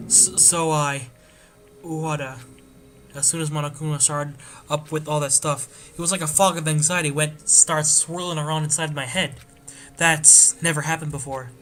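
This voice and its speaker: A man voicing a tough, hot-tempered young male biker in a game let's play, gruff and swearing. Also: fairly high pitch, fairly bright tone, natural voice.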